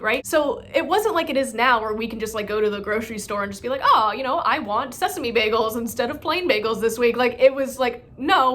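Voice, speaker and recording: A woman hosting her own channel, explaining in a chatty, excited way with lots of fillers. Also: a little high. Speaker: witchcraft channel host. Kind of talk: casual explainer.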